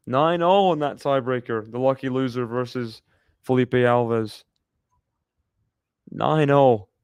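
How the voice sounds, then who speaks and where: A man's voice: mid-range voice, slow, pauses often, clear, resonant tone, no room sound, dull audio. A man giving chatty live play-by-play commentary on a tennis match, laughing often and cheering the players on.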